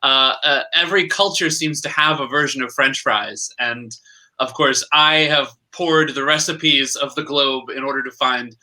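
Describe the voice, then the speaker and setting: Eager, very bright-voiced man. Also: medium pitch, normal speed. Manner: chatty, eager, laughs between phrases. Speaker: guest presenter. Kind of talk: casual explainer talk.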